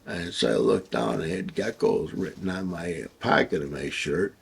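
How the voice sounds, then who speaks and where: A man casually telling a rambling, crude anecdote with halting starts. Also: rumbling low, animated, creaky, darkish tone. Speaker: storyteller.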